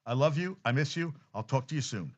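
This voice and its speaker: A man hosting a solo sports podcast, ranting angrily and profanely, swinging between loud outbursts and low mutters. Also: animated, a little fast.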